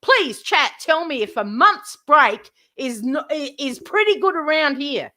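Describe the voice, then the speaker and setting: A woman's voice: high voice, animated, unhurried, bright, forceful tone. A woman live streamer ranting to her chat, indignant, swearing heavily and repeating herself.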